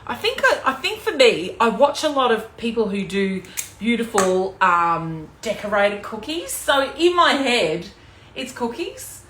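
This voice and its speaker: Very animated yet measured in pace, the woman's slightly high, somewhat bright voice rings in an echoey room with a little hiss or hum. With her Australian accent, this cooking demonstrator and team leader chats away to viewers while cooking live in her kitchen at home.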